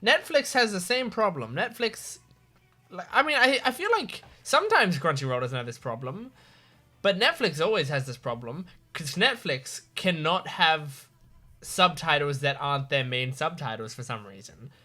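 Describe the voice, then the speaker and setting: A man's voice: a little high, sing-song, normal speed, bright, forceful tone. A man hosting an anime reaction video, chatting casually, rambling and correcting himself, hiccuping as he talks. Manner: rambling, self-correcting, laughs often.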